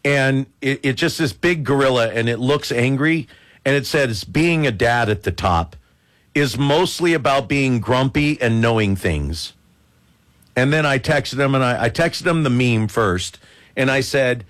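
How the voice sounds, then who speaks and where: Animated male radio host. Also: medium pitch, unhurried. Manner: animated, joking, self-mocking dad humor. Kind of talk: talk radio banter.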